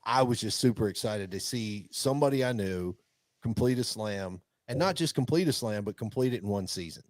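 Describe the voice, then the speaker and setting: A man's voice: lowish voice, lively intonation, fairly quick, dry recording. Rambling podcast co-host man. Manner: rambling, restarts, chuckles often. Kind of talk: casual chat.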